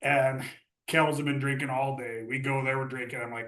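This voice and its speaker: A man's voice: mid-range voice, flat delivery, moderate pace, a bit bright, roomy sound, recorded from a distance. A man telling a casual story as a guest, rambling and laughing, with lots of fillers. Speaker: guest, former hockey captain.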